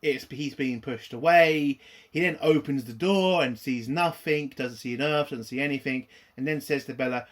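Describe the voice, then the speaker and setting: A man's voice: mid-range voice, moderate pace. Profane, exasperated male TV reviewer. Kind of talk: ranting episode review.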